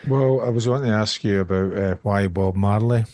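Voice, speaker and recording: A man's voice: fairly low pitch, brisk, a little mellow. A man hosting a podcast, asking easygoing questions with dry jokes. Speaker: podcast host. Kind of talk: casual podcast chat.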